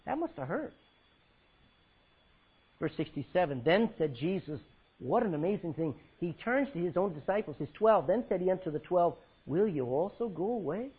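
Male preacher, high voice, sermon, dramatic loud-soft swings, husky tone. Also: very animated, moderate pace, phone-quality sound. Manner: dramatic swings from loud to hushed, quotes scripture in old style. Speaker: pastor.

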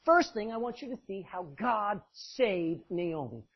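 Animated preacher with a husky voice. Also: male voice, high voice, measured pace. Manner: animated, swings from loud emphasis to quiet asides, laughs often. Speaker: pastor. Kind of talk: sermon. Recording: dull lo-fi recording.

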